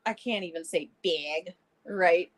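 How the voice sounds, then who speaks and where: A woman's voice: on the low side, slow. A woman with a Minnesota accent calling in to a show, chatty and sarcastic, laughing between her points. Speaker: caller. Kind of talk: casual call-in chat.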